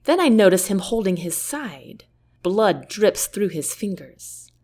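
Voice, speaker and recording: A woman of medium pitch gives a measured, expressive audiobook reading of a first-person novel, voicing it through its characters.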